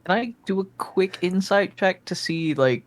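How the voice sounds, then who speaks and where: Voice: medium pitch, moderate pace. A tabletop game player who speaks hesitantly, thinking aloud with fillers. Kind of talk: casual game chat.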